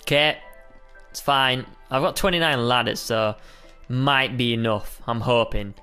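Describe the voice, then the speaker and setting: A man's voice: mid-range voice, measured pace, bright, forceful tone, smooth, soft background music. A young man chatting playfully while co-hosting a Minecraft let's play, often calling his partner mate. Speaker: gaming co-host.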